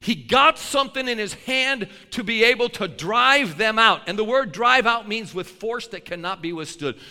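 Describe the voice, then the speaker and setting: Male preacher, high lively voice, folksy and fiery, cutting sound with long hall reverb; builds to shouts. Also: moderate pace. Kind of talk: sermon.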